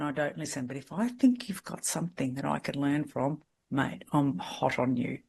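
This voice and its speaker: Woman mentor leading a group coaching call; blunt, straight-talking, high energy. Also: moderate pace, gravelly, warm tone, breathy edge. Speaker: salon business mentor.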